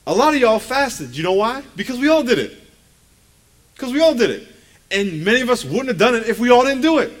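A man's voice: extremely high pitch, sing-song, fairly quick. A man in his forties preaching a conversational sermon in a church, joking and firing rhetorical questions at the congregation.

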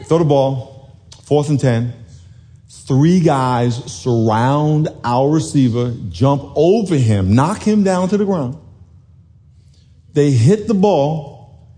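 A man in his forties, a little hoarse, telling a lively football story to a congregation, dropping low then shouting high. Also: takes it slowly, long pauses. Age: 40s. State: hoarse from yelling. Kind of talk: animated storytelling sermon.

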